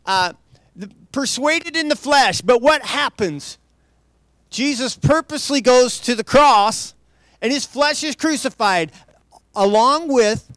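A man's voice: very high-pitched, fairly bright tone, no echo. A man preaching a conversational sermon, loose and chatty, with frequent restarts and light laughs. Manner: loose, chatty delivery with many restarts and asides; laughs lightly between points.

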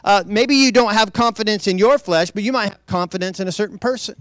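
A man's voice: sits high, lively intonation, normal speed, a bit bright, smooth, no room sound. A man preaching a conversational sermon, loose and chatty, with frequent restarts and light laughs. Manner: loose, chatty delivery with many restarts and asides; laughs lightly between points.

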